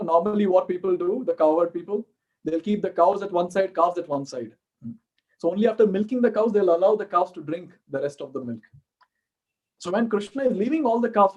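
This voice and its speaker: A man with an Indian accent, a temple speaker giving an animated devotional storytelling talk and acting out the characters. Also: sits high, dull audio.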